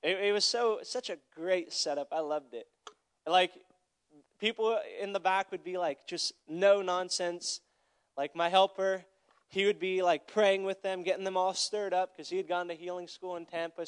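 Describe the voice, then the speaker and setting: A young man preaching a sermon as a traveling evangelist, telling a story and swinging from quiet asides to loud calls to the crowd. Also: high voice, fairly even intonation, moderate pace, smooth. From Florida.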